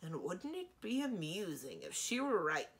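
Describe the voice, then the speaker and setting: A woman's voice: lowish voice, sing-song, measured pace, a bit bright, voice pushed up, full character voice. A woman voicing a sarcastic, bored male dragon who mutters dryly in a storybook reading.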